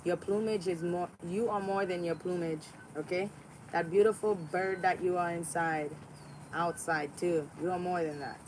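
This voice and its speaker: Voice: medium pitch, steady tone, moderate pace, a little hiss or hum, rough recording. A spiritual vlogger giving an emphatic motivational monologue, repeating lines for effect and throwing in sassy asides.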